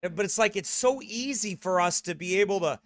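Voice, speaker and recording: A man delivers a conversational sermon in an earnest, personal tone. His voice sits a touch high for a man. The recording is dry and close, with no room sound. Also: moderate pace, fairly bright tone, no room sound. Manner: conversational, earnest, self-correcting. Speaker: preacher.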